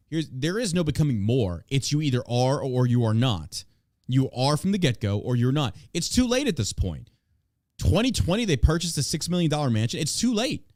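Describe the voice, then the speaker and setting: An American man hosts an opinion podcast in a mid-pitched voice, speaking fairly quickly with a blunt, profane delivery. He swings from mocking sarcasm to flat dismissal, and the recording is dry and close.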